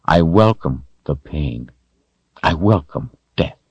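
A man's voice: rumbling low, lively intonation, takes it slowly, darkish tone, husky, no echo, highs cut off, full character voice. A man voicing a terrified young male captive under torture who talks in a fearful, strained, pleading way. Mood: defiant.

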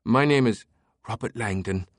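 A man's voice: on the low side, moderate pace, dry recording, clean studio sound, close to an everyday voice. Man reading a courteous, earnest scholar. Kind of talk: audiobook character voice.

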